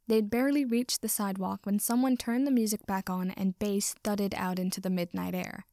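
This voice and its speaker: A woman reading a story aloud with wry, even storytelling. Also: mid-range voice, normal speed, dry recording, clean studio sound. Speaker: reader. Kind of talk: fan fiction reading.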